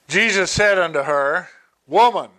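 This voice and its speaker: A man preaching a sermon, reading Bible verses and explaining them with slow, deliberate asides. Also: mid-range voice, pushed and bright.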